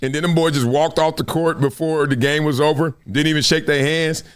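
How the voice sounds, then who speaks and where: On a live sports talk show, the host speaks slightly quickly in a somewhat high voice with a clean tone. His storytelling is lively, full of impersonations of those he quotes, with frequent laughter between comments.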